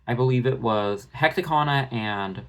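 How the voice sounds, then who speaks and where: A man's voice: mid-range voice, moderate pace. A man ranting in blunt, profane, rambling commentary about an online creator, recorded on his phone. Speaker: drama commentary vlogger.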